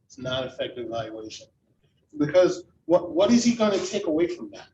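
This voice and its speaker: A man talks a club audience through how to give helpful feedback on speeches, encouraging them and stopping to ask them questions. His voice sits a little high. He is heard from some distance in an echoey room, with a faint hum of room noise behind him. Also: big pitch swings, fairly quick, dark tone, highs cut off. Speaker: club speaker teaching evaluation. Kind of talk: instructional talk to a club audience.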